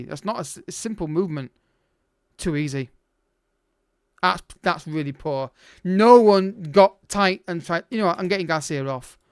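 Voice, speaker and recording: A man's voice: fairly high pitch, smooth, no room sound, clean studio sound. A man commentating his own game as a let's play host, exasperated and urgent, calling out to the players.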